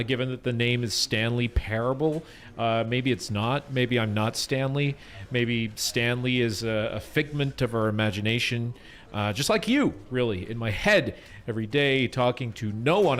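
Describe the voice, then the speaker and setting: A man's voice: mid-range voice, fairly bright tone. A man streaming a game in a small room full of screens, rambling casually to chat with self-mocking jokes.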